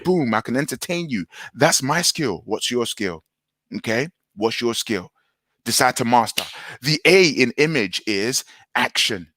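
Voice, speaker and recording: A man's voice: mid-range voice, a bit bright, no room sound. A man delivering a motivational talk in a mid-range voice. He preaches with emphatic repetition and punchy short lines. The sound is close and dry. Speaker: motivational speaker.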